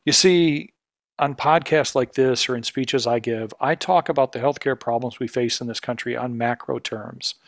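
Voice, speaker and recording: A man's voice: medium pitch, moderate pace, gravelly, dry recording, studio quality. A middle-aged man giving earnest, scripted podcast commentary that turns indignant. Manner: earnest and indignant, building to pointed outrage. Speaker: podcast host, healthcare consultancy CEO.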